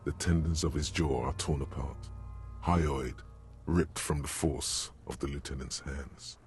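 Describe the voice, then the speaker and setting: A man voicing a solemn game narrator in scripted dramatic narration, deep and gravelly. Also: fairly even intonation, a little slow, faint music behind, exaggerated voice.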